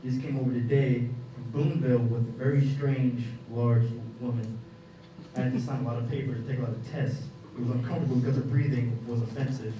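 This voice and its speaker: A young man performing a stand-up comedy set, animated, jumping into quick high-pitched voices for the people in his stories. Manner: animated, acts out others in quick high bursts. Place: comedy venue. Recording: echoey club from a distant mic, audience noise.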